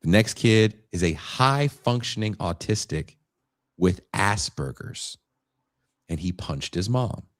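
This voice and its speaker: A man's voice: fairly low pitch, lively intonation, slow, no room sound, studio quality. A man co-hosting a podcast, animatedly retelling a story in casual chat, swearing now and then. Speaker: podcast co-host.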